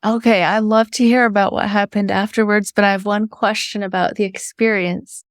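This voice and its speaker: A woman's voice: mid-range voice, flat delivery, normal speed, no room sound, studio quality. A woman podcast host asking a curious follow-up question. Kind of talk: interview questions.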